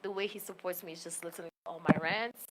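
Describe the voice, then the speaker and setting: A woman co-hosting a casual podcast chat, animated and quick to act out quotes from her family. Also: a little hiss or hum, poor audio. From Nigerian family. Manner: animated, acts out quotes with big pitch jumps. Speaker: podcast co-host.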